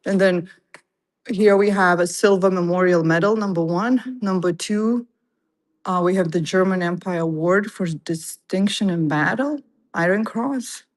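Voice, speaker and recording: A woman's voice: fairly low pitch, unhurried, poor audio. Breathless woman touring a museum fort. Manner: chatty, reads exhibit labels aloud to viewers. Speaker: livestream host. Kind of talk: casual livestream museum tour.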